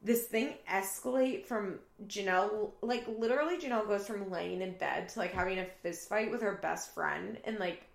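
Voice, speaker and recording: A woman talks through a reality TV episode in a relaxed, chatty recap. She often jumps into quoted lines with a louder voice. Her voice has a gravelly edge, and the room around her has a noticeable echo. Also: medium pitch, moderate pace, few pauses. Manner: animated retelling, acts out quoted lines with raised voice. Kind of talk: casual recap commentary.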